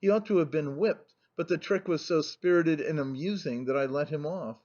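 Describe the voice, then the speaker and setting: A man's voice: a little high, moderate pace, a little mellow, lightly acted. A male narrator reading the lines of a talkative, vivacious middle-aged princess who argues as if contradicted, on a muffled recording. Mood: insistent. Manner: eloquent, insistent.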